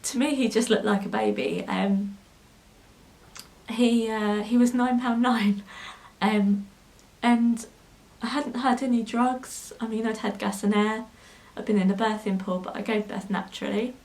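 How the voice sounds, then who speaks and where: A woman's voice: on the high side, fairly even intonation, unhurried, a little mellow, rough recording. A young woman telling a personal story to camera in a sewing vlog, hesitant and full of ums, at times emotional. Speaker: sewing vlogger.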